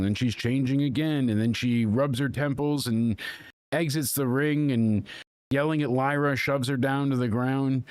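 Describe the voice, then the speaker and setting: A man's voice: medium pitch, a little mellow, no room sound. A man in the middle of his range rambles through a wrestling recap as the host, with lots of fillers and restarts. His voice is close and dry, with no room sound. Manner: rambling, conversational, with frequent fillers. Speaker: podcast host. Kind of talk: casual wrestling recap chat.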